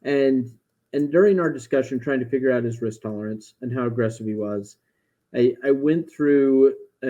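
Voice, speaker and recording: A man's voice: medium pitch, mellow, muffled recording. A financial planner, a man, tells an anecdote from his career on a casual podcast, often restarting his words.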